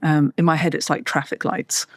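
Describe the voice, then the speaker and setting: A woman's voice: sits low, little pitch movement, moderate pace, no echo, clean studio sound. A woman, a podcast guest, explaining ideas in a thoughtful conversational way with wry, self-deprecating asides.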